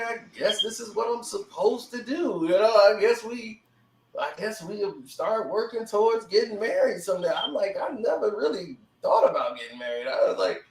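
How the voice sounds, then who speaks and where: A man chatting casually as co-host, animated, laughing often and acting out quotes. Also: high voice. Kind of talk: casual chat. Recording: echoey room, distant mic, noisy.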